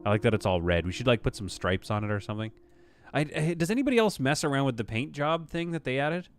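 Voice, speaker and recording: A man's voice: mid-range voice, sing-song, fast talker, soft background music. A man hosting a casual live stream, chatting as he plays and reading viewers' messages aloud. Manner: chatty, muses aloud, reads chat. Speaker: streamer host.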